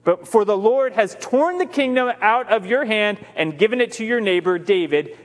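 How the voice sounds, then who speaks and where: A man voicing the ghost of a stern old male prophet, reading his words slowly and gravely in a reverberant hall. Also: high voice. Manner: slow, grave and reproachful.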